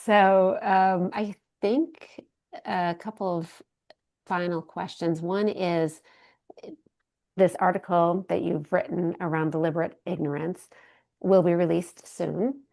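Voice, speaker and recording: A woman's voice: lowish voice, steady tone, takes it slowly, gravelly, warm tone. A woman, a professor, hosting an interview and responding with appreciation before asking questions.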